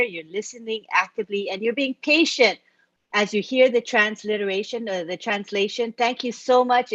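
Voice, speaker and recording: A woman hosting a webinar over a video call, warmly encouraging the participants. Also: medium pitch, dry recording. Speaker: webinar host. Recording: dull, muffled video call audio.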